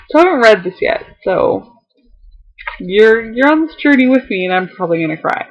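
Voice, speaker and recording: A woman's voice: mid-range voice, lively intonation, a little fast, lo-fi sound. A young woman on a casual vlog, reading a heartfelt letter aloud to her viewers, tearful and fighting back tears, laughing now and then between lines.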